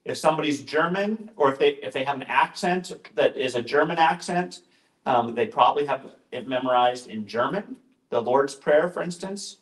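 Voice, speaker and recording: A man's voice: medium pitch, moderate pace. A male pastor giving an informal, conversational talk, often interrupting himself with asides and jokes. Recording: roomy echoing room.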